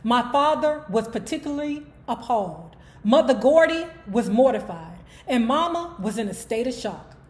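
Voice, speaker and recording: A woman's voice: on the high side, lively intonation, normal speed, few pauses. A woman hosting an online book club, reading a memoir aloud and breaking off for sassy, profane commentary to her viewers.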